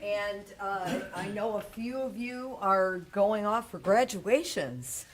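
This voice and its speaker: Slow-talking woman host. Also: mid-range voice, lively intonation, a little hiss or hum. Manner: measured, thankful, announcing. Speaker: event host. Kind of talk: closing announcements.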